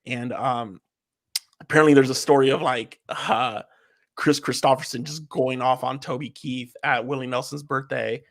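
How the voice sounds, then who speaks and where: A man co-hosting a podcast, retelling a story in animated casual chat with lots of fillers. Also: medium pitch, normal speed. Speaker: podcast co-host.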